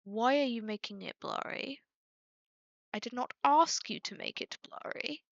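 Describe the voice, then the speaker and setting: On a dull, lo-fi, dry mic, a young woman chats casually with her livestream viewers, exasperated and swearing a lot. Her voice sits a little high, moves a little slowly, and has a gravelly edge.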